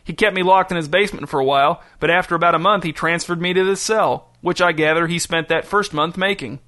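A man's voice: a little high, fast, pushed and bright. A man voicing a dusty, bearded male drifter who is proud of never working and talks in a wry, unbothered way. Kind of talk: audiobook character voice.

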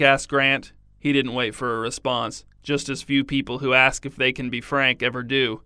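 A man narrating a scripted bedtime story in an even, deadpan manner. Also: mid-range voice, normal speed, few pauses, clean tone, dry recording, clean studio sound.

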